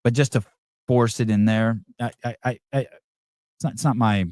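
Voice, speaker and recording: A man's voice: mid-range voice, fairly even intonation, normal speed, darkish tone, dry recording, studio quality. A man hosting a podcast in casual talk, reacting to viewer comments in a blunt, profane and rambling way. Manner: rambling, self-interrupting delivery. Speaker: podcast host.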